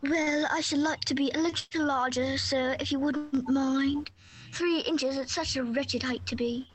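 A woman's voice: high-pitched, steady tone, measured pace, low-quality recording. An actress playing a polite, curious young girl who speaks in a wondering, courteous way.

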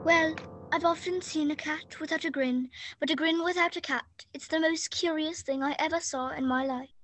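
Woman as a curious polite girl, high voice, wondering, courteous. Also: steady tone, moderate pace, fairly bright tone, soft background music, poor audio.

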